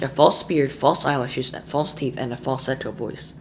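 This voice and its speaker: A man reading a children's book aloud as a storyteller, lively, with small slips and restarts. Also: mid-range voice, moderate pace, slight background noise.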